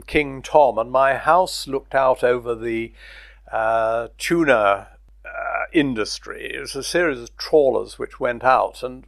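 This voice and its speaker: Gravelly older man telling anecdotes. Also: medium pitch, no room sound. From Britain. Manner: anecdotal, chuckling storyteller. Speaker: interviewee. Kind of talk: oral history recollection.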